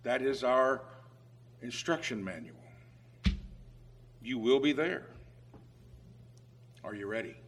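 A man preaching a sermon with emphatic swings in loudness who reads scripture aloud in old-fashioned biblical phrasing. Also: mid-range voice, lively intonation, takes it slowly, long pauses, slight background noise.

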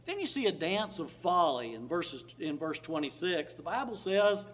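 A man preaching a sermon, reading scripture slowly and building to emphatic, loud peaks on key points. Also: a little high, very animated. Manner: dynamic, rising to emphatic peaks on key words.

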